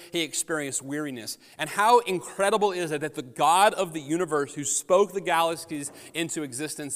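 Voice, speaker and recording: A man preaches a sermon on a microphone, slipping from easy storytelling into strong, emphatic rises. His voice sits a bit high for a man. The sound carries a long reverb from a large church hall. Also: fairly bright tone, clear, resonant tone. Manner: storytelling, conversational with rising emphatic peaks. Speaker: pastor. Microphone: handheld or headset microphone.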